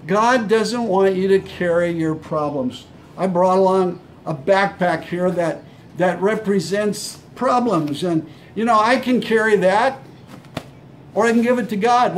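A man's voice: high-pitched, a little mellow, slight background noise. A man preaching a sermon as pastor, earnest and emphatic, repeating his phrases and calling his listeners friends. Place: church.

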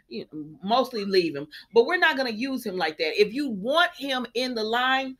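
A young woman with a slightly high voice recaps soap episodes in a sassy, opinionated way. She talks casually and throws in the characters' lines with plenty of attitude. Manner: animated, sassy, quick to laugh and act out characters' lines. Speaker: host of a soap opera recap channel.

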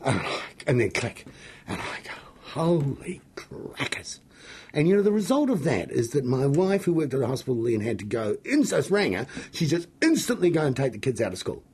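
Gravelly New Zealand man, animated storyteller. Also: mid-range voice, brisk. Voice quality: gravelly, husky. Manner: excitable, jokey, rambling with many restarts. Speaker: guest.

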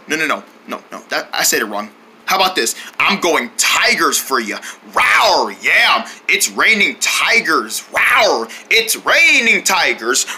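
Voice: medium pitch, sharp tone, breathy edge, exaggerated voice. A performer voicing a playful cartoon boy who loves tigers, growling and roaring between sentences. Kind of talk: cartoon character acting.

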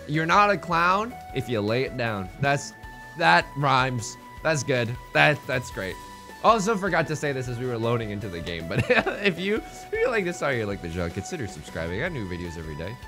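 This let's play host is a young man with a medium-pitched, fairly bright voice. Faint music sits behind his casual, rambling commentary on a tile game, which is full of jokes, restarts and self-deprecation.

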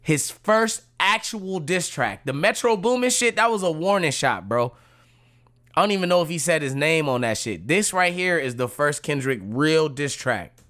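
A man with a bright, forceful and slightly high voice talks through rap diss tracks. He is profane and animated, mocking what he hears and laughing along. The sound is close to the mic. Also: moderate pace. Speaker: rapper reacting to diss tracks. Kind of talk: casual reaction commentary.

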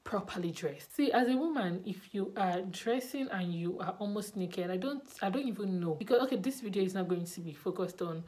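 A woman's voice: mid-range voice, fairly quick, hardly any pauses, mellow. A young Nigerian woman with a Nigerian accent, chatting to camera in a casual vlog and repeating words for emphasis. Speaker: vlogger.

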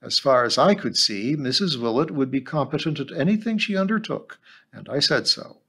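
Read as a man hosting a book reading: keep the pitch moving and lively, at an ordinary middle pitch, telling the story with expression. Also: moderate pace, vocal fry, breathy edge. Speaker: host reading a novel aloud. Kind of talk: reading a novel aloud.

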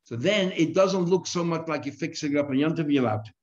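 A man's voice: on the high side, fast talker, a little mellow, highs cut off. A man, a rabbi, teaching a daily Talmud class, reading Aramaic phrases and explaining each one in plain English.

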